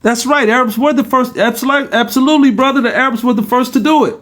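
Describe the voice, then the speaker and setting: A man from the United States speaks in a noticeably high voice. He rants straight to his audience in a loose, repetitive way, often calling them "y'all." He stumbles, restarts words and circles back to the same points. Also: fast, a bit bright. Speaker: vlogger. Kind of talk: casual direct-to-camera rant.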